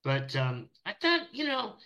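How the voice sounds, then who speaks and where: A man's voice: high voice, huge pitch swings, a little slow, gravelly, pushed and bright, low-quality recording. A middle-aged man, an animator, chatting casually in an interview and telling rambling anecdotes with many restarts. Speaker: animator guest.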